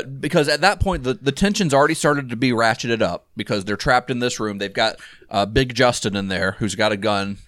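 A man's voice: lowish voice, fairly bright tone, no room sound, studio quality. A man co-hosting a casual film talk, rambling with lots of fillers and restarts. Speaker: podcast co-host.

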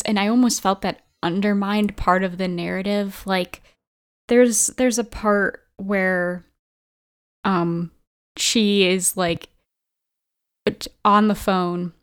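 A woman's voice: mid-range voice, steady tone, slow pace, clean tone. A woman in a casual game discussion, talking hesitantly with many fillers. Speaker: podcast panelist.

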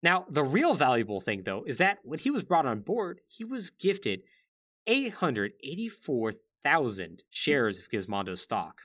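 His mid-range, slightly bright voice swings hugely in pitch, though his pace is a little slow. As a podcast host, he tells gaming history in a casual, chatty style full of "like" and wry asides.

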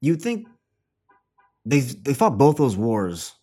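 A man's voice: mid-range voice, huge pitch swings, slow pace, warm tone, breathy edge. A young man in a casual chat, rambling with lots of fillers and the odd swear word.

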